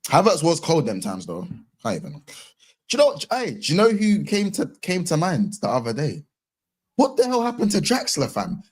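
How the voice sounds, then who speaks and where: A man with a husky, slightly breathy voice co-hosts a football live stream. His pitch swings widely as he jokes and teases in playful banter. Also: huge pitch swings, moderate pace. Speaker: co-host. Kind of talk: casual live-stream chat.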